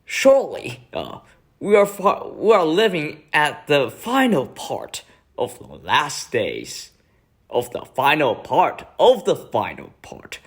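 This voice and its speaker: A man putting on the voice of a pompous male religious leader, preaching in a high, drawn-out way. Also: huge pitch swings, slightly rough, exaggerated voice. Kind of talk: voice impression.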